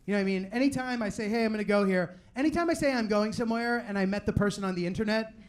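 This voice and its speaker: A young man doing a live stand-up set, talking in a loose, rambling way full of "like" and "you know what I mean," and acting out quick quotes of other people. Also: high voice. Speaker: stand-up comedian. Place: live comedy venue with audience.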